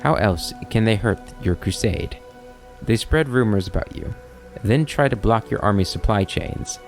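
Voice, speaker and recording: A man's voice: on the low side, animated, normal speed, gravelly, soft background music. A man voicing a sly, talkative male kobold schemer with a wry, rambling, mock-innocent manner.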